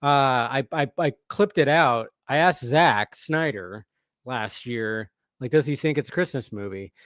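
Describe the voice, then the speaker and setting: A man's voice: medium pitch, measured pace, a bit bright, dry recording. Rambling male live-stream host, dry sound. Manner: rambling, restarts often, reads chat aloud. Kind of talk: casual live-stream chat.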